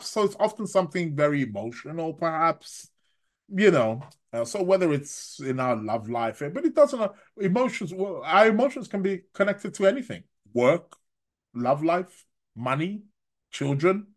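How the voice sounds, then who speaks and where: An astrologer and tarot reader chats on a live stream, reading out viewer comments. His voice is a little high, and he rambles and halts, restarting often and chuckling frequently.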